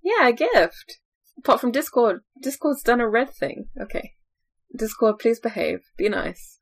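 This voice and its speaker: A woman's voice: a little high, sing-song, normal speed, husky. A woman hosting a podcast, chatty and teasing, laughing often. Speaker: podcast host. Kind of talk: casual podcast banter.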